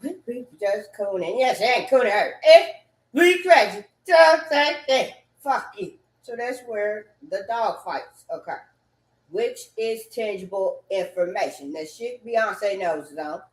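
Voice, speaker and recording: A woman rambling casually and repetitively, swearing often and breaking into loud outbursts, sitting at home on a couch. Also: mid-range voice, unhurried. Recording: echoey room.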